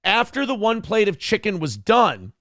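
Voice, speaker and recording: A man's voice: high voice, wildly swooping pitch, normal speed, fairly bright tone, dry recording, clean studio sound. A man hosting a casual live stream from home, chatting loosely, swearing freely and coaxing his dog with commands. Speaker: live-stream show host.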